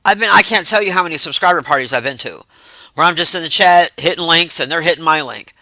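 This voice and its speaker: A woman's voice: deep voice, fast talker, sharp tone, no room sound. A woman hosting a livestream, chatting loosely and reacting to messages from her chat. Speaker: livestream host.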